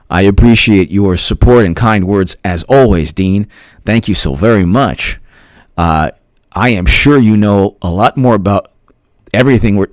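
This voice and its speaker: A man's voice: lowish voice, no room sound, clean studio sound. A man hosting a casual political livestream, thanking viewers by name and firing off repeated rhetorical questions. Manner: animated rhetorical questions, repeats lines for emphasis. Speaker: political commentary livestream host. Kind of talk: casual livestream commentary, reading chat.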